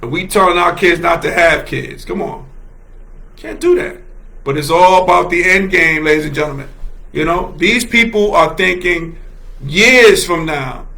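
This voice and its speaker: High, bright, gravelly-voiced passionate man. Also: moderate pace. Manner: passionate, emphatic, laughs often, repeats phrases. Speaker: host. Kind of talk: solo livestream commentary reading chat comments.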